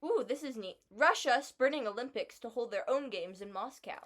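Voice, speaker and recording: A young woman co-hosting a casual podcast, chatty and quick to laugh while reading old headlines. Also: on the high side, animated, fairly bright tone. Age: young adult. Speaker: podcast co-host.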